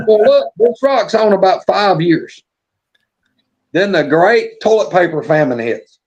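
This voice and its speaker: A man spins a long yarn on a podcast in a fairly high voice. He is folksy and profane and acts out every line of dialogue. The audio is dull and lo-fi. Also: very animated, measured pace, a little mellow. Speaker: podcast storyteller. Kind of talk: casual storytelling.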